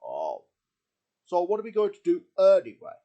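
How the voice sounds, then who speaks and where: A performer voices a friendly male bear puppet in a homemade show, sounding hesitant and slow on the uptake. The voice is mid-range and dark, with huge swings in pitch. The lo-fi recording is slightly dull.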